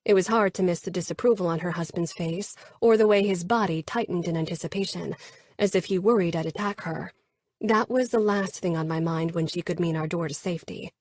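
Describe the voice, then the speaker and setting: Female audiobook narrator, measured and intimate, with a breathy edge and a dry, close studio sound. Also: lowish voice, a little mellow, no room sound. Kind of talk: first-person romance audiobook narration.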